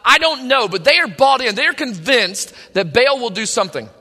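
A man's voice: very high-pitched, expressive, normal speed, bright, forceful tone, in a large hall. A man preaching a sermon, reading scripture and retelling it in casual modern speech.

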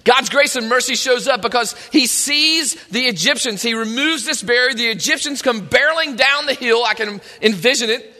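A man's voice: extremely high pitch, normal speed, pushed and bright. A man preaching a sermon, retelling scripture with emphatic quoted voices, heard in a large room with a long echo. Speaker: pastor.

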